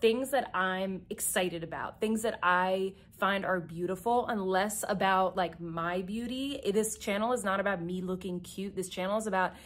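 A chatty young woman filming a relaxed get-ready-with-me video at home, talking straight to her viewers while she puts on her makeup. Her voice sits at an ordinary middle pitch, and she speaks with eager, friendly energy, as if catching up with friends. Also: normal speed, few pauses. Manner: chatty, enthusiastic, talks while doing makeup. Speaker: beauty YouTuber.

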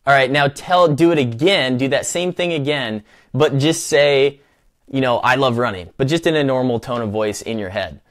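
A man's voice: mid-range voice, moderate pace. A man hosting a live running show, talking casually with lots of restarts and fillers. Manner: rambling, with many fillers and restarts. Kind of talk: casual live-stream talk.

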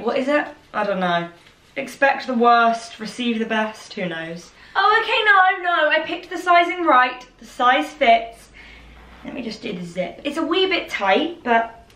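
A woman's voice: fairly high pitch, fairly bright tone, distant mic. Chatty woman in an echoey bedroom. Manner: chatty, rambling, self-mocking. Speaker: fashion vlogger. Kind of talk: casual try-on haul chat. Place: her bedroom, indoors. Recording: echoey room, mic set back.

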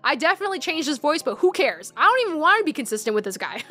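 A woman's voice: high-pitched, sing-song, brisk, bright, forceful tone, faint music behind. A woman hosting a let's play, chatting casually and giggling as she hums along to the game.

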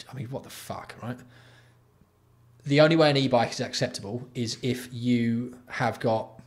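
Male livestream host, exasperated sweary commentary, mid pitch. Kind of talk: casual live-stream commentary.

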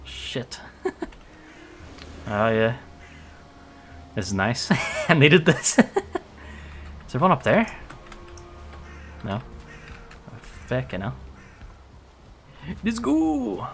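A man's voice: mid-range voice, very animated, drawn-out words, pauses often, a bit bright, slight background noise. A man streaming a game, giving casual gameplay commentary, playful, swearing often and laughing a lot.

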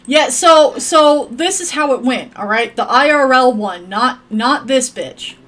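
A woman's voice: high voice, lively intonation, a little slow, a bit bright. A woman streaming a game, rambling to her viewers and cursing at her characters in crude, profane chat. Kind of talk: casual gameplay commentary.

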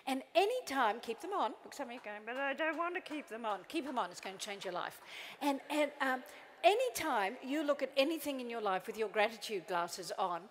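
A middle-aged woman giving a motivational keynote to a live audience at tables. She is playful and animated, acts out little quoted scenes and coaxes the crowd to join in. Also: a little high, brisk, slight background noise. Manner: coaxing the crowd into joining in. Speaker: motivational speaker.

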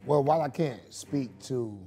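A man's voice: medium pitch, moderate pace, mellow, soft background music. A man playing an attorney in an improvised comedy courtroom, answering in a dry, mock-formal way. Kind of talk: improvised comic courtroom argument.

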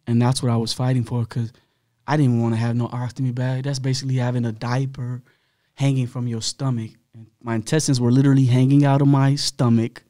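A man's voice: medium pitch, level tone, a little fast, mellow, no room sound, studio quality. A man as a podcast guest, telling his own story in a candid, blunt way, full of slang and swearing.

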